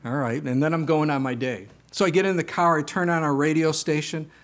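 A man preaching a sermon in a conversational way, reading scripture aloud and now and then breaking into animated exclamations. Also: on the high side, fairly quick. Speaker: pastor.

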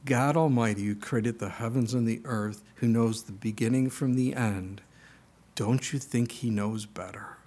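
A man preaching a sermon in a conversational way, reading scripture aloud and now and then breaking into animated exclamations. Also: mid-range voice, measured pace. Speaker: pastor.

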